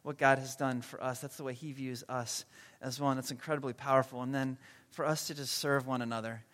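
A man preaching a sermon as pastor, earnest and gentle, with comic asides in other parts. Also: mid-range voice, fairly even intonation, brisk, big-room sound. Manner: comedic storytelling with acted-out quotes.

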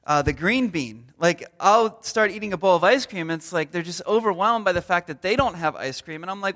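A man's voice: high-pitched, expressive, fairly quick, few pauses, fairly bright tone. A man in his thirties giving a loose, humorous sermon as a pastor, telling everyday stories with lots of fillers and restarts. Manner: humorous storytelling, acts out little scenes. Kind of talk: conversational sermon.

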